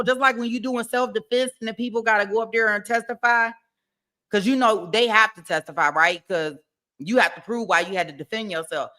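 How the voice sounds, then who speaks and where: A woman with a bright, forceful voice hosts a loose livestream about a court case. She talks in a lively, joking way, breaks into laughs and acts out scenes of tearful testimony. The tone is chatty and unscripted. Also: a little high, fairly quick. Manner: animated, laughing, acts out mock crying testimony. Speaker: true-crime trial commentary host. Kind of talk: casual livestream commentary.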